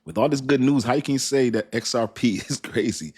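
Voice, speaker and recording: A young man hosting a casual crypto livestream, reading viewer comments aloud in a lively, colloquial way and laughing often. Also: medium pitch, normal speed, breathy edge.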